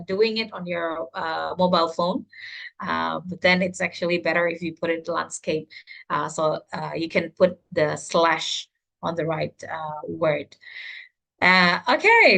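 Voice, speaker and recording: A woman's voice: fairly low pitch, creaky, bright, forceful tone. A woman leading an online training session for teachers, talking with frequent "uh" fillers and addressing participants politely as Bapak dan Ibu.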